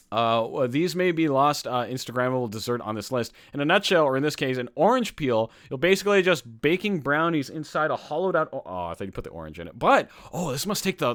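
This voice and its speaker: A man hosting a live-streamed podcast in casual chat, excitable and reacting loudly while he reads a list aloud, hungry. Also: mid-range voice. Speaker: podcast host.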